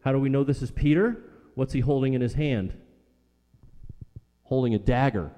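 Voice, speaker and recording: A man preaching a sermon, asking his listeners questions and answering them himself, dropping low and soft when he quotes scripture. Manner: slow, asks the audience questions and answers them. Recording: long hall reverb.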